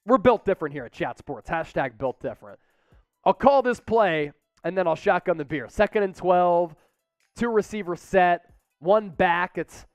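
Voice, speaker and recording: A man hosting a live sports watch party, calling plays and cheering loudly. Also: high voice, dry recording. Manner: excitable, shouts chants and play-by-play calls. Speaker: host.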